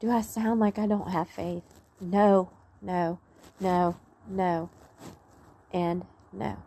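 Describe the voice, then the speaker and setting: Slow-talking earnest woman preaching outdoors. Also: lowish voice, flat delivery, warm tone. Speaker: vlogger sharing faith message. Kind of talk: heartfelt spoken testimony.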